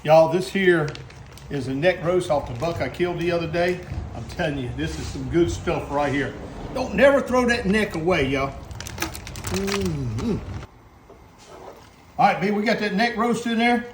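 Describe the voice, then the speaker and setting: A man with a Southern US accent hosting a casual cooking video, talking folksy and breaking into excited exclamations as he cooks. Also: on the high side, moderate pace, reverberant, background noise. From Southern United States. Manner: folksy, excited exclamations, talks to the camera operator. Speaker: host cooking on camera.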